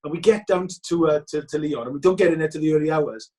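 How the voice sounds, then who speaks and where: Fast-talking and somewhat high-voiced, this Welsh guest spins animated yarns about football trips in casual talk, putting on voices for everyone he quotes. The audio quality is poor.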